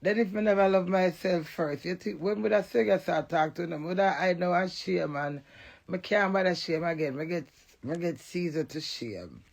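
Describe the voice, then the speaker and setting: Defiant gravelly Jamaican woman ranting. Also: fairly low pitch, normal speed, darkish tone. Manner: defiant, cursing, repeats phrases in a chant. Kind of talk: emotional live rant.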